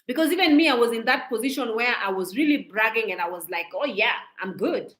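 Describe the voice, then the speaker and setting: A woman's voice: fairly high pitch, fast talker, fairly bright tone, roomy sound, poor audio. A woman in her forties giving a scolding, preachy commentary monologue, repeating her points. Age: 40s. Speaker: social media commentator.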